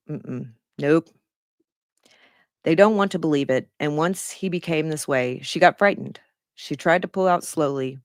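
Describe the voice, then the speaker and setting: A woman's voice: sits low, unhurried, no room sound, studio quality. A middle-aged woman giving casual commentary on a news article she reads aloud, blunt and sarcastic and swearing freely.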